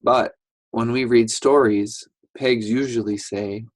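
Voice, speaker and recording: Slow, patient male teacher. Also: medium pitch, fairly even intonation, vocal fry. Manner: patient, repeats words, acts out sounds. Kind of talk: slow English lesson for young learners.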